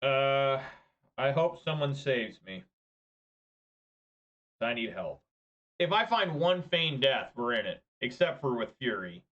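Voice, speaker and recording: Bright, slow-talking man commentating games. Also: medium pitch, highs cut off. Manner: excitable, shouts and laughs at big plays, mutters through quiet turns. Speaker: gameplay commentator. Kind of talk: casual game commentary.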